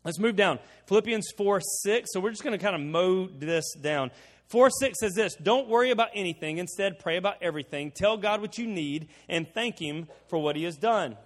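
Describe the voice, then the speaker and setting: A man's voice: high-pitched, normal speed, big-room sound. A man preaching a sermon in a conversational way, mixing personal stories with emphatic repetition. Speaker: pastor.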